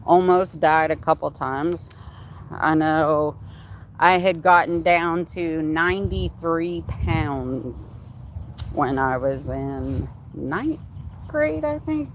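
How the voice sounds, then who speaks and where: A woman's voice: low-pitched, takes it slowly, a little hiss or hum. A young adult woman hosting a livestream, telling a candid personal story in casual, heavily profane talk. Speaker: livestream host.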